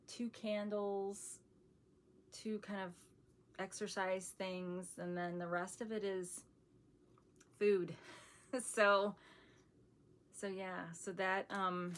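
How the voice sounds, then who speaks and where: Chatty low-voiced woman vlogger. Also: a bit bright, a little hiss or hum. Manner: chatty, rambling, laughs often, self-described sarcastic. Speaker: vlogger showing a shopping haul. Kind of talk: casual haul chat.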